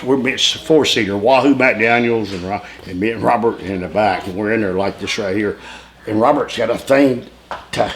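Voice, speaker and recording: A retired pro wrestler with a fairly low voice tells wild stories in a casual interview, laughing often, swearing freely, and hopping between tangents. There's slight background noise.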